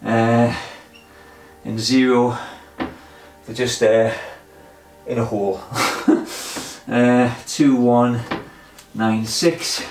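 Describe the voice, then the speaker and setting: A man's voice: mid-range voice, fairly even intonation, extremely slow, pauses often, a little mellow. A man talking to himself during a workout, chuckling and self-mocking, out of breath, recorded in an echoey room with faint music. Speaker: vlogger doing a memory and pull-up challenge. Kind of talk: casual self-talk while exercising.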